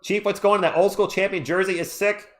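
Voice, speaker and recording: A man hosting a live play-by-play stream, calling the action and chatting with viewers in an excitable, jokey way. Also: high voice, brisk. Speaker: livestream play-by-play host. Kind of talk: live play-by-play with chat reactions.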